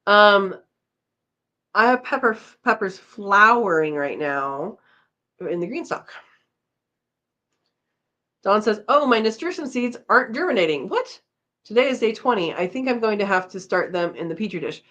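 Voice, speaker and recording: A woman's voice: mid-range voice, animated, normal speed, pauses often, bright, forceful tone. A tired woman hosting a casual live chat, reading out viewer comments and chatting back with a laugh. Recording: slightly dull lo-fi audio.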